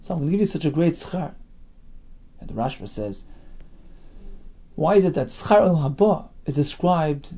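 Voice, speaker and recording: A high-pitched man with a husky, gravelly voice teaches a Talmud class. He reads the Aramaic phrase by phrase and translates each part into English as he goes. His tone is mellow, and the recording is dull and lo-fi. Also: very animated, moderate pace, long pauses.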